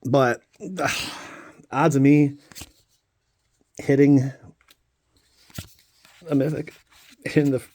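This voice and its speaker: A man's voice: mid-range voice, flat delivery, extremely slow, pauses often, mellow. A man hosting a casual card-opening vlog, joking and talking straight to his viewers; he is a father of a young child. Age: adult father of a young child. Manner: playful, jokey, talks to viewers. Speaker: channel host opening card packs.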